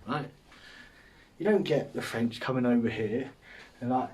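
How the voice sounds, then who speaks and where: A man's voice: medium pitch, moderate pace, long pauses, darkish tone, distant mic. Rambling, sweary English man. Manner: rambling, sweary, self-mocking. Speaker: podcast host. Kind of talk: casual comic monologue.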